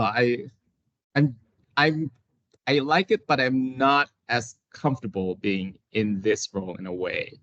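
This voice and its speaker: A man's voice: medium pitch, measured pace, fairly bright tone, no echo, lo-fi sound. A man, an occupational therapist, talking casually as an interview guest, hesitant with many restarts and frequent laughs.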